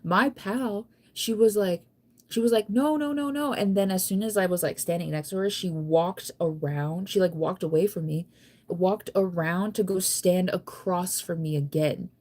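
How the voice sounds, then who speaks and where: Chatty young woman telling a story, lowish voice. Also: fairly even intonation, moderate pace, a little mellow. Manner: chatty, rambling, heavy use of "like". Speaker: vlogger. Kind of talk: casual storytime chat.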